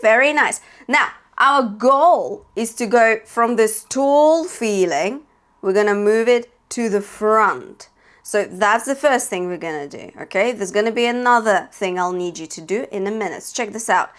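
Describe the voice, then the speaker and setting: A woman's voice: on the high side, lively intonation, a little slow. A woman vocal coach giving a singing lesson, encouraging her learners and demonstrating sounds. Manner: encouraging, directly addresses learners.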